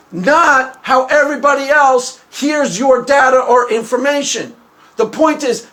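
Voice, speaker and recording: A man hosting his own video, arguing a point in an animated monologue and acting out bits of dialogue. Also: very high voice. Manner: animated, acts out quoted dialogue. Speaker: video host. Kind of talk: argumentative monologue.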